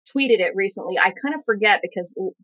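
An American woman with an American accent in a casual conversation, chatty and playful as she acts out quotes. Her pitch is in the middle range. The recording is close and dry. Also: quick pace, a bit bright, no room sound, poor audio. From United States. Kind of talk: casual chat.

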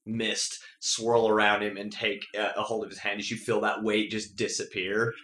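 A man running a tabletop game, talking the players through the scene in an easy, casual way. His voice is lower-pitched and bright, and the room around him echoes. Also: little pitch movement, normal speed, slight background noise. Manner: casual, descriptive scene narration. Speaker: game master.

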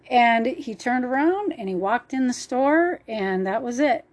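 A woman's voice: fairly high pitch, expressive, moderate pace, hardly any pauses, darkish tone. A woman telling a personal faith story in an earnest, emotional way. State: choked up at times.

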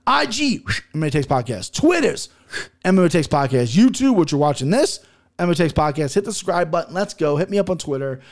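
A man's voice: on the high side, sing-song, a little fast. A man hosting his own podcast, talking through his betting picks in a brash, profane, hyped-up way. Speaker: podcast host giving fight betting picks. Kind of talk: casual solo podcast talk.

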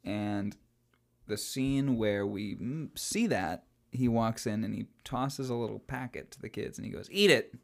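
A man's voice: on the low side, a little slow, gravelly, darkish tone. A young man co-hosting a casual podcast about old films, chatty and giggly, with plenty of ums and trailing thoughts. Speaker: podcast co-host. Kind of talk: casual film discussion.

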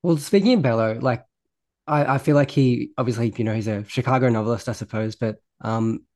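A male interviewer asks about literary influences in a measured, thoughtful way. His voice is middle-pitched, and he murmurs quietly while the guest answers. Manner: measured questions, brief listening murmurs. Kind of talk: conversational interview.

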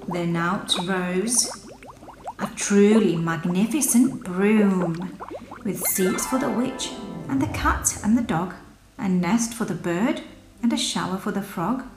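A woman reading a rhyming picture book aloud with a slow, rhythmic delivery. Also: medium pitch, echoey room, music in the background, low-quality recording. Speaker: storyteller.

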